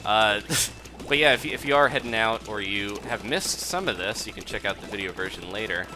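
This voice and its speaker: A man's voice: lowish voice, lively intonation, a little fast. A man giving chatty live commentary while playing a game, laughing often and reading viewer messages aloud. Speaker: game streamer. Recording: game music behind voice. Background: game music.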